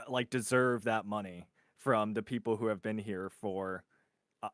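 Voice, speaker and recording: A man as guest on a livestream, chatting casually and jumping in with quick rambling points. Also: lowish voice, no room sound, studio quality. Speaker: guest co-host.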